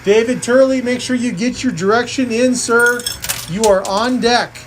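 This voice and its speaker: Doing play-by-play on a live coin-pusher stream, a woman keeps a moderate pace in a slightly high voice. She jokes around and counts the totals out loud, with some background noise present.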